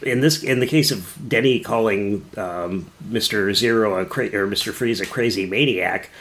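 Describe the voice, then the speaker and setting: A man with a fairly low voice co-hosts a casual podcast chat. He muses in a wry, thoughtful way and often pauses to find his words. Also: fairly bright tone. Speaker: podcast co-host.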